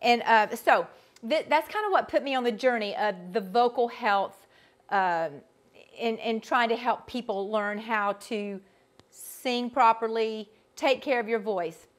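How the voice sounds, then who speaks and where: A middle-aged woman, a vocal coach, teaching a group in a chatty, animated way with frequent restarts. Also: a little high, a little slow. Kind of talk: casual teaching talk to a group.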